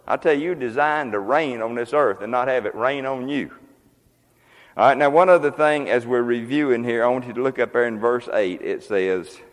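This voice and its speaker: A man's voice: medium pitch, normal speed. A man preaching a sermon to a congregation, folksy and conversational, often asking them questions. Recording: long reverb of a hall.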